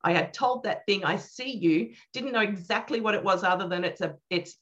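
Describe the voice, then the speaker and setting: A woman tells a prayer-ministry testimony as an animated, earnest storyteller in a mid-range voice. She acts out the lines she quotes. The recording sounds slightly dull and muffled. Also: mid-range voice, fairly quick. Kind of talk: telling a personal ministry testimony.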